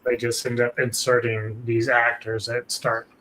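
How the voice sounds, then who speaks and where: A man's voice: medium pitch, completely flat delivery, a little slow, sharp tone, a little hiss or hum, poor audio. Offhand man in a casual podcast chat. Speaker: podcast co-host. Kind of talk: casual movie review chat.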